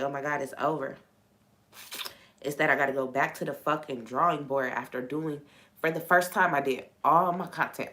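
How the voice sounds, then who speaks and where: A woman's voice: low-pitched, fairly bright tone. A woman hosting a faith talk on a live stream, venting frankly and swearing freely.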